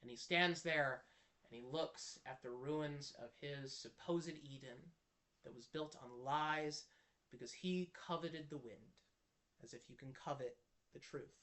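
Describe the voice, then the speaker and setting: A Christian video creator tells a personal story to camera in a slightly high, somewhat bright voice. He's unhurried but earnest and impassioned, often starting his sentences over.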